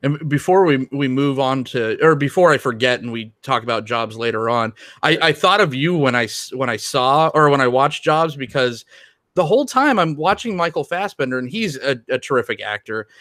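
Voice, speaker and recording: A man's voice: mid-range voice, expressive, moderate pace, fairly bright tone, no room sound. A man co-hosting a podcast, talking about films in a rambling way with lots of restarts and ums. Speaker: podcast co-host. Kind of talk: casual film discussion.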